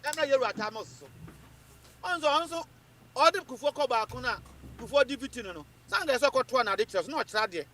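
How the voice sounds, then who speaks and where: A Ghanaian man holds forth on politics in a high voice that swoops up and down. He talks emphatically and keeps repeating his points. He drifts between English and Twi as he argues. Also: lively intonation, fast talker, background noise. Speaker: political commentator. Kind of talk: animated political talk.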